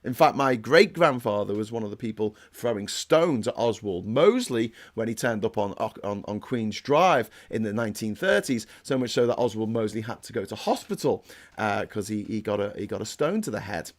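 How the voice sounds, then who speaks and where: A man's voice: lowish voice, lively intonation, normal speed. Heated rambling man hosting a livestream. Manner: rambling and heated, many restarts; reads out viewer comments. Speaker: host. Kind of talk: casual political commentary livestream.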